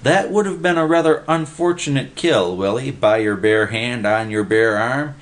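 A man's voice: mid-range voice, animated, moderate pace, pitched above the performer's own voice, natural voice. A man voicing a well-read, lecturing male vagrant in a storybook reading. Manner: precise, lecturing, bossy.

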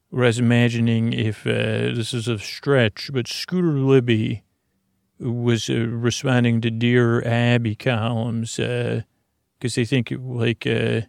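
A man hosting a sleep podcast with a creaky voice, talking in a slow, meandering way with many fillers. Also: medium pitch, dry recording, studio quality. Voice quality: creaky, gravelly voice. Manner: rambling and soft-spoken, with many fillers and restarts. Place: home studio in an apartment. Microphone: prosumer podcast microphone.

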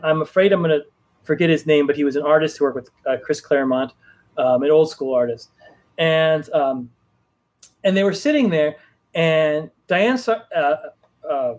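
Rambling, higher-voiced man telling a story. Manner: rambling, many restarts and fillers. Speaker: guest comic book writer. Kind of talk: casual storytelling on a live stream.

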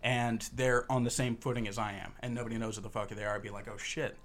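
Man, casual podcast talk, candid and profane, tense bright tone. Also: mid-range voice, little pitch movement, fast. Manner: candid, profane, acts out quoted voices. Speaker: comic book creator, guest.

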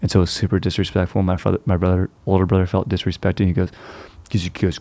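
A man's voice: low-pitched, monotone, fast talker, warm tone, no echo. A young man chatting casually and profanely, calling everyone "dude" as he rambles through stories. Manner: laid-back, profane, says "dude" constantly. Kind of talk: casual chat.

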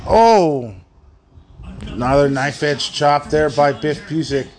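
A man hosting a wrestling watch-along, excitedly calling the action, swearing a lot and shouting at the big moves. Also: fairly high pitch, slow pace. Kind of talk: excited live commentary.

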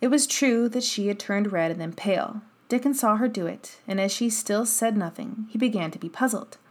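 A woman narrating a children's novel in calm, even storytelling. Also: medium pitch, normal speed. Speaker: audiobook narrator. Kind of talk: scripted narration.

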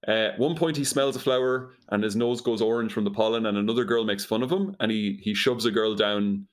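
A podcast co-host recaps a movie in casual, comedic chat, retelling the plot in a dry, incredulous way and laughing often. He has a fairly low voice with fairly even intonation and a brisk pace.

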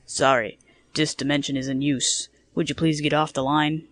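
A woman's voice: sits low, flat delivery, normal speed, voice pushed down. A woman reading aloud and voicing a blunt, impatient man with a scratchy voice who answers a phone call in a storybook. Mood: curt. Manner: blunt, impatient tough-guy talk.

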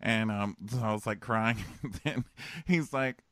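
Campy guy hosting a podcast, low-ish bright voice, dry close sound, lots of jokes. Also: flat delivery, moderate pace, dry recording. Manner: campy, joking, laughs often. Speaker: podcast host. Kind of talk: casual comedic chat. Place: hotel room. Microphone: remote connection.

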